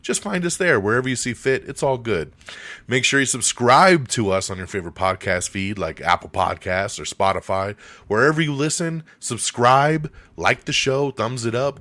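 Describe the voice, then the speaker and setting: A man's voice: mid-range voice, moderate pace, a bit bright, no echo. A man hosting a casual entertainment news podcast in a chatty, upbeat way, his voice getting scratchy. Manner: chatty, upbeat sign-off, many fillers. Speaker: podcast host.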